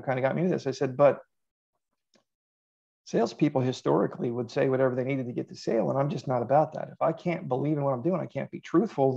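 A middle-aged man talking casually as a podcast guest, telling animated stories and quoting himself. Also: medium pitch, vocal fry, breathy edge, dull audio. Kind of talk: casual interview chat.

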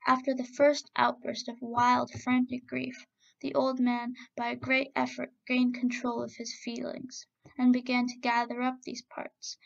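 Gravelly woman reading a story aloud. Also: a little high, muffled recording. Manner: steady expressive reading with voiced quotes. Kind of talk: storybook narration.

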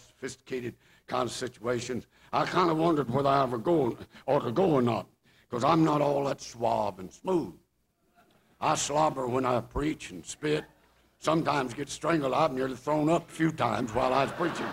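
An older man preaching a revival sermon in a folksy way, rising into shouts. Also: medium pitch, gravelly, a little hiss or hum.

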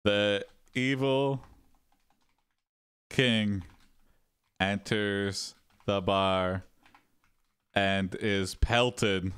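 A man hosting an improvised AI story game dictates his moves in slow, halting pieces. His voice is smooth and clear, a touch low, and sits dry and close to the mic. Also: fairly even intonation, fairly bright tone, dry recording. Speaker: host typing story prompts. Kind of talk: improvised game play, casual.

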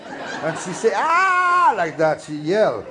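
A man's voice: a little high, expressive, a little slow, crowd noise, noisy background. A man with a French accent telling a story in broken English as a talk show guest. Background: studio audience laughing.

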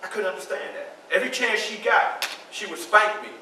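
A man's voice: high voice, brisk, bright, forceful tone, a little hiss or hum. An actor playing an earnest, grave formerly enslaved man in a theatrical first-person monologue, with emphatic storytelling and dramatic repetition. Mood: solemn. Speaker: historical reenactor. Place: library event room. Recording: echoey room from a distant camera.

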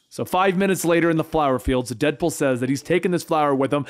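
A man narrating a comic book story in a lively, quick recap style. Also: a little high, faint music behind.

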